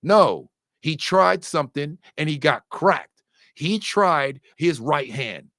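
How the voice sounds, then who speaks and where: Lively, joking man giving boxing opinions. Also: a little high, takes it slowly, no echo, studio quality. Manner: animated, profane and joking, with sudden loud outbursts. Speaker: boxing commentator. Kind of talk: casual opinionated commentary.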